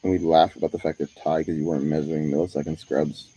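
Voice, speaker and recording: A man's voice: extremely low pitch, little pitch movement, fast, mellow, slightly rough, muffled recording. A man streaming live, talking in a profane monologue that jumps from one topic to the next.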